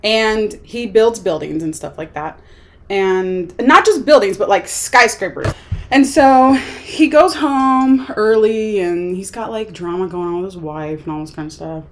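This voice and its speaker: A woman's voice: mid-range voice, animated, a little slow. Chatty woman rambling about a movie. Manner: chatty, rambling, lots of "like" fillers. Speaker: vlogger reviewing a movie. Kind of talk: casual chat.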